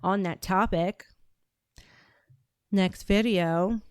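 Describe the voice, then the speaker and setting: A woman hosts a casual livestream and reads chat between rants. She talks in a brash, profane, drawling way at a middle pitch. Her voice sits close and dry on the mic. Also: fairly even intonation, extremely slow, clear, resonant tone, dry recording. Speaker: livestream host reading chat.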